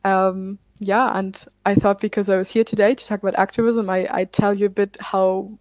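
A German woman in her twenties, a climate activist speaking on a panel, talking in a relaxed way with many fillers and restarts. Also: medium pitch, normal speed, no echo. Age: 20s. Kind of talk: panel talk.

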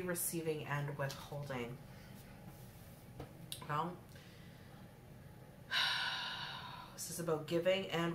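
Woman, tarot reader, somewhat low voice, chatty and direct with viewers; echoey room, card shuffling heard behind. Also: fairly bright tone. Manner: chatty, addresses viewers directly, breaks into laughter. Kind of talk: casual spoken tarot reading. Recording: echoey room with clear background noise.

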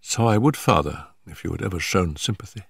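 A man's voice: low voice, animated, brisk, creaky, breathy edge, no room sound, clean studio sound, heavily acted. An older man voicing a composed, strong-willed young woman in a story reading, speaking firmly with a slightly raised voice.

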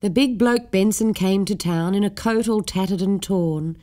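A woman's voice: mid-range voice, moderate pace, mellow. A woman narrating a rhyming children's story with a lilting, rhythmic reading.

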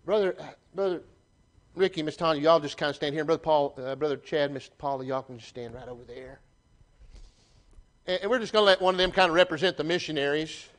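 A pastor with a Southern US accent preaches to his church in the sanctuary, his voice a little high and his speech fast. He's folksy and animated, often restarting his phrases.

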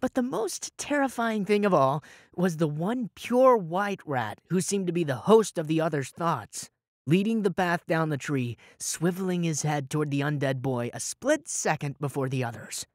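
Brief: male narrator, very animated pitch, bone-dry booth, wry and dramatic delivery. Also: normal speed, dry recording. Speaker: audiobook narrator. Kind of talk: first-person audiobook narration.

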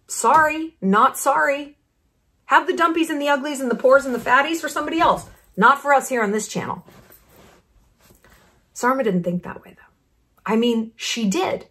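Woman, thirties, blunt sarcastic vlog rant, fairly high voice, animated delivery. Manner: brash, blunt and sarcastic, with quick asides. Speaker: YouTube commentator. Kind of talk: casual opinionated monologue.

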